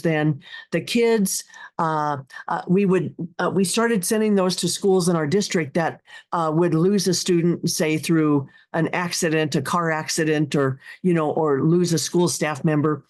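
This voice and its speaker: A woman's voice: lowish voice, a little slow, darkish tone. A middle-aged woman guest telling stories in an earnest, heartfelt way, with many restarts and fillers. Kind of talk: casual interview talk.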